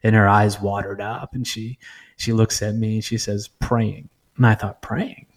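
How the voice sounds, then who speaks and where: Earnest lower-voiced pastor telling stories. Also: male voice, flat delivery, moderate pace. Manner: earnest, builds to emphatic repetition. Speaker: pastor and author. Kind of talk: conversational interview storytelling.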